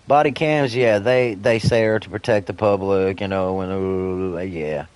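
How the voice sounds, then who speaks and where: A man's voice: on the low side, a little mellow. A man giving heated, profane, rambling commentary while he plays a video game. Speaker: gaming streamer.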